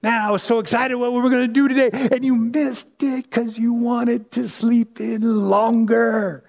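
A man voicing the Holy Spirit as a loving, gently disappointed male figure who chides plaintively. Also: very high-pitched, flat delivery, measured pace, vocal fry, voice pushed up, full character voice.

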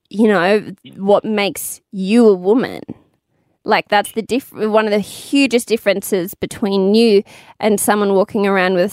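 A woman's voice: medium pitch, no echo. Earnest rambling woman, dry sound. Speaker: podcast host. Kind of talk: casual chat.

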